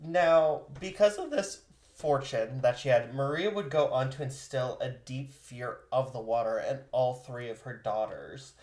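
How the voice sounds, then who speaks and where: A man's voice: medium pitch, measured pace, a little mellow. A man co-hosting a podcast, recounting a life story in a casual, conversational way and laughing easily. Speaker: podcast co-host. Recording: roomy echo.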